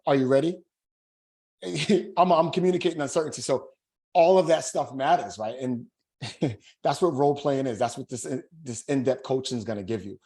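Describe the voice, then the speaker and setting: A man coaching new real estate agents in a webinar course pitch, talking casually and emphatically and tagging his sentences with "right?". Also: a little mellow. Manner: emphatic, slangy hype.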